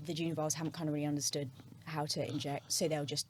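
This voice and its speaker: A woman guest on a podcast who tells stories in a casual, animated way, swearing freely and trailing off mid-sentence. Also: low voice, fast, slight background noise. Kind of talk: casual storytelling.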